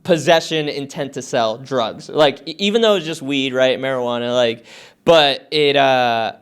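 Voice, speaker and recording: A man in his thirties telling his story as a podcast guest, animated, swearing a lot and filling his talk with "like". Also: mid-range voice, moderate pace, clear, resonant tone. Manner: many fillers like "like" and "uh". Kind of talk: casual storytelling interview.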